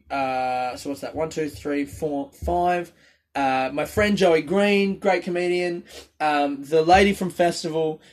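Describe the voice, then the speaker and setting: Young Australian man telling comic stories. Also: on the high side. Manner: swears freely, self-mocking, acts out the people he quotes. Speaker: stand-up comedian. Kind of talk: casual storytelling monologue.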